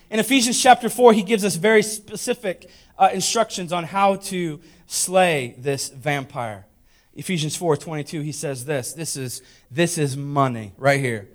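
High-voiced preacher swinging loud to hushed. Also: male voice, normal speed. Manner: swings from loud shouting to hushed, intimate delivery; emphatic, repeats lines for emphasis. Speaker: pastor. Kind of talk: sermon.

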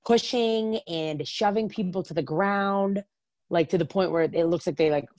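A woman chatting casually about reality TV, full of "like" and quick asides. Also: fairly low pitch, darkish tone, no room sound. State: has the hiccups.

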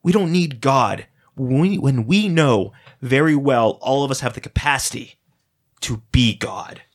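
A man's voice: mid-range voice, lively intonation. A man voicing a charming, sinister bald male auctioneer who talks like a preacher, in a read-aloud story. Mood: preaching, rousing. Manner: preacher-like oration, drawn-out words. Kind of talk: story reading.

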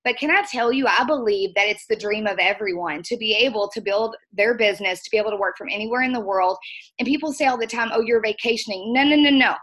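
A woman's voice: medium pitch, fast talker, fairly bright tone. A middle-aged woman, a guest trainer speaking earnestly and emotionally in a folksy way. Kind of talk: motivational training talk.

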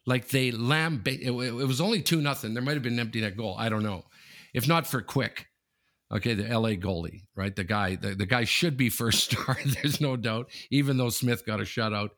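A man co-hosting a casual sports podcast, talking in an animated, repetitive way, often tossing in "okay?" and swearing freely. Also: medium pitch, moderate pace. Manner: animated and repetitive, keeps saying "okay?" and the host's nickname. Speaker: podcast co-host.

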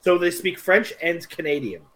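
A man's voice: high voice, lively intonation, moderate pace, fairly bright tone. Teasing, foul-mouthed podcast co-host man. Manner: teasing, swears freely. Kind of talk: casual banter.

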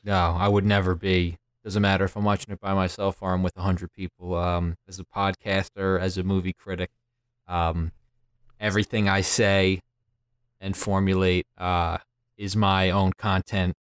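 Measured, low-voiced man with a smooth tone. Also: little pitch movement, no room sound. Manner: measured and earnest, with frequent "uh" fillers. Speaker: podcaster and movie critic. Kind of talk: casual podcast discussion.

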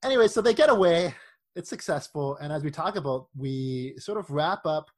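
Male podcast co-host, slightly high voice, animated and chatty. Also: normal speed. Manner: animated, laughing, leads the discussion with questions. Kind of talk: casual chat.

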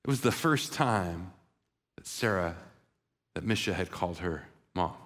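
Delivering a sermon, a pastor with a low-pitched, fairly bright voice speaks a little slowly with lively intonation. He tells a story and performs the voices of its characters, while the long reverb of a large hall fills the recording.

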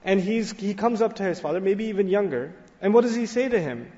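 A man with a notably high voice gives an animated, storytelling sermon, acting out a child's excited words. The lo-fi recording is dull, with long reverb from a large hall. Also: normal speed, few pauses. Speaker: Islamic teacher. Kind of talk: sermon-style Quran lecture.

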